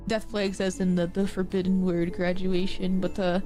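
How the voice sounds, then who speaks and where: A woman's voice: medium pitch, steady tone, unhurried, warm tone, faint music behind. A woman in her twenties, crying as she talks to her stream chat, self-deprecating and joking through tears. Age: 20s. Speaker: livestreamer. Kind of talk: emotional livestream talk to chat.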